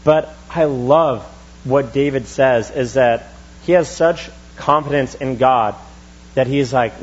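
A young man preaching a sermon in a church, in a relaxed, chatty style with quick asides. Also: medium pitch, slightly rough, muffled recording. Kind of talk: casual conversational sermon. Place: church sanctuary.

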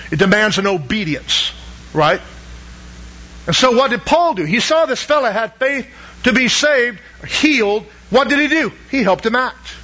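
A man's voice: very high voice, animated, unhurried, sharp tone, dull audio. A man preaching a sermon, asking the congregation questions and pressing each point with emphasis. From Southern United States. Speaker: pastor.

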